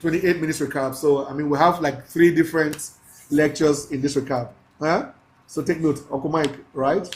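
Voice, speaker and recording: Man, teaching a live class, preachy and emphatic, slightly high voice, drawn-out key words. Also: fairly even intonation. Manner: preachy, emphatic, slows down to stress key phrases; laughs often, casual asides to the class.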